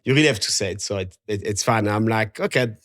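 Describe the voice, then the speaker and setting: A man's voice: on the low side, quick pace, a bit bright. Belgian man with a French accent. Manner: hesitant, many fillers and restarts, laughs often. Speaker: guest, mining assistant general manager. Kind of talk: casual podcast interview.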